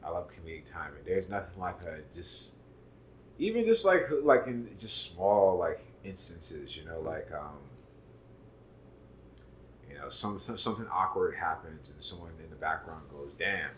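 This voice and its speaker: Brief: very deep, relaxed man, casual chat, filler-heavy, volume swings. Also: moderate pace, a little hiss or hum. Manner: laid-back, lots of "you know what I'm saying", swings loud and soft. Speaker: podcast co-host.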